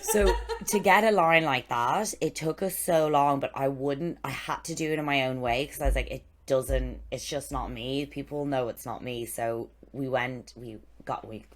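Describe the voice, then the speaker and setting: Very low-voiced woman telling stories. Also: normal speed, hardly any pauses. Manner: animated storytelling, swearing, acting out quotes. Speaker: podcast co-host. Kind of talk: casual chat.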